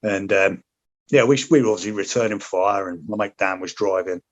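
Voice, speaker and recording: A British former paratrooper, appearing as a podcast guest, tells combat stories in casual conversation, swearing freely and breaking off into restarts and asides. His voice is fairly low and a little fast, and the audio sounds dull.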